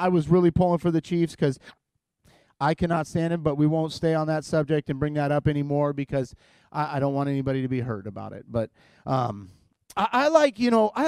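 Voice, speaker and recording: A man's voice: high voice, dry recording. A man preaching as a guest in church, opening with playful, teasing, self-mocking humor to a live congregation.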